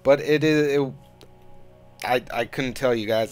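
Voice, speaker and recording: A man's voice: mid-range voice, a little slow, darkish tone, faint music behind. A man hosting his own gaming channel, talking through a let's-play in a frustrated, rambling way and swearing a lot. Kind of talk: casual let's-play commentary.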